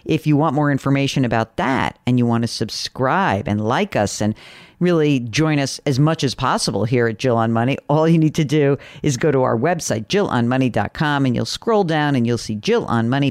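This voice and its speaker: Animated chatty woman radio host. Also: a bass voice, normal speed, no echo, studio quality. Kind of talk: radio call-in chat.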